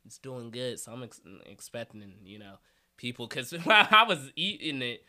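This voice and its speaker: A man's voice: mid-range voice, sing-song, normal speed, bright, forceful tone. A young man telling a comedy story in a casual podcast chat. He laughs often, swears, and acts out other people's voices. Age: young adult.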